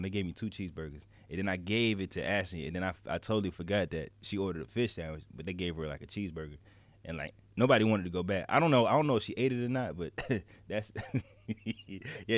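A man's voice: sits low, animated, quick pace, no room sound. A man co-hosting a podcast in casual, slangy chat, laughing often and talking straight to the chat. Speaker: podcast co-host.

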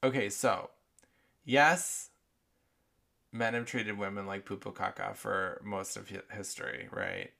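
Unhurried but expressive, a podcast host speaks in a lowish, gravelly, bright voice with a forceful tone. He rambles through a casual monologue, cursing and using plenty of fillers, while allergies affect his voice.

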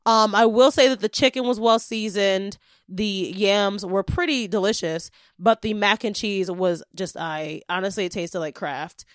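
A young woman hosting a podcast, casually telling an animated story and acting out the quotes. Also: a little slow, clean tone, no room sound, clean studio sound. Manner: animated, acts out quotes with big pitch jumps.

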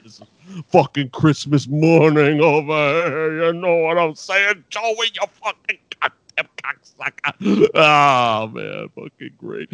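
A man putting on a gruff, foul-mouthed tough-guy wrestler who rambles and swears constantly. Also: high voice, no echo, voice pushed up, full character voice.

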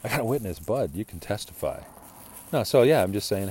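A lower-voiced man talks off the cuff on his podcast, swinging his pitch up and down as he gets worked up. He keeps restarting his sentences and tossing in asides, with a faint hiss of noise under the voice. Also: fairly quick. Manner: animated, exasperated, full of restarts and asides. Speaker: podcast host. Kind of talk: casual rambling monologue.

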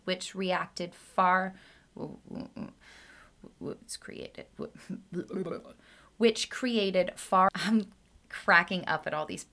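Slow-talking giggly woman. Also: lowish voice, vocal fry, bright, forceful tone. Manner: giggly, stumbling over tongue twisters. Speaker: podcast co-host. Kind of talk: casual chat, blooper reel.

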